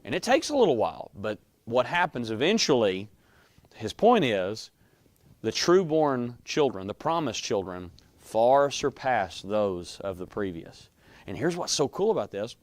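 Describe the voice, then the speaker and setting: A man's voice: mid-range voice, big pitch swings, unhurried, dry recording. A man teaching a Bible class in a conversational way, often quizzing his students.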